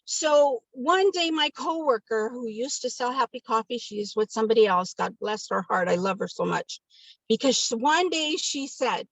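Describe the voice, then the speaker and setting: A woman's voice: on the high side, animated, normal speed, no echo. A woman in her fifties from California sharing a personal testimonial on a video call, chatty and emotional with many ums. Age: 50s. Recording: dull video call audio.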